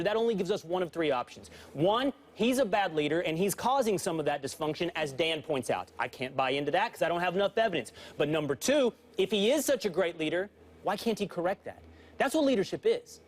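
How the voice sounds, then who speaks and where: A man's voice: sits high, expressive, fairly quick. A man on a sports talk show making an emphatic, point-by-point argument as a panelist. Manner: emphatic, builds points by numbered lists.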